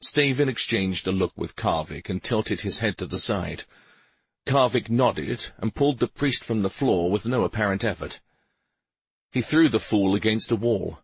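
A man narrating a fantasy story as an audiobook in a slow, expressive way. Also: fairly low pitch, breathy edge, dry recording.

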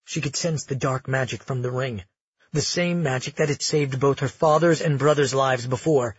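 Husky male audiobook narrator. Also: medium pitch, no room sound, lo-fi sound. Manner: measured, dramatic storytelling.

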